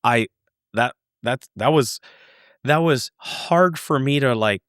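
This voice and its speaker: A man telling a story as a podcast guest, animated, swearing and repeating words for emphasis. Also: mid-range voice, slow pace, smooth, dry recording, clean studio sound. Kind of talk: casual storytelling.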